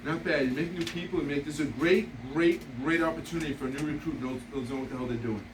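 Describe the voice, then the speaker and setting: Man in his 50s, sales trainer, bit high-pitched, animated storyteller, recorded from afar in a roomy, noisy room. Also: fast talker, distant mic. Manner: animated storyteller, laughs through anecdotes; blunt, repeats key points. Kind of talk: motivational sales training talk.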